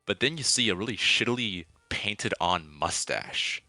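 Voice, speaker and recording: A man's voice: on the low side, expressive, measured pace, bright, forceful tone, no room sound, soft background music. A man narrating as game master for a tabletop game, laid-back and swearing casually.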